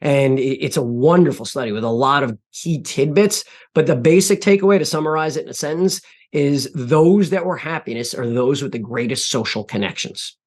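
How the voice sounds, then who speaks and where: A man in his forties speaks as a podcast guest, earnest and reflective, with a middle-pitched voice. He often stops and restarts phrases as he recalls personal stories. The delivery is plain and close to the mic. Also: moderate pace. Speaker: podcast guest, CEO and author. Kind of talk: interview storytelling.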